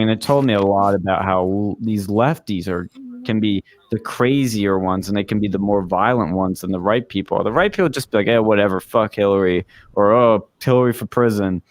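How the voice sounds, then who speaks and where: A young man spins a loose, profane anecdote on a podcast, jumping in pitch to act out the people he quotes. His voice sits dry and close, with no room sound around it. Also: dry recording. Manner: rambling, profane, acts out quoted speech. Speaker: podcast host. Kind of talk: casual podcast storytelling.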